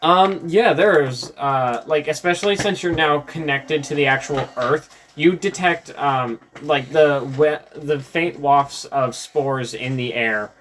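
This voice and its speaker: A man's voice: fairly high pitch, takes it slowly, hardly any pauses, a bit bright, a little hiss or hum. Casual man running a tabletop game. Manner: loose and casual, many fillers, laughs easily. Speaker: game master.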